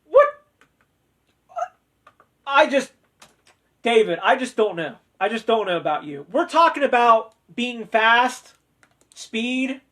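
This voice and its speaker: High-voiced chatty man hosting. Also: sing-song, slow pace, long pauses, bright, forceful tone. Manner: chatty and joking, with playful sarcasm. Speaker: host of a discussion video. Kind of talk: casual chat.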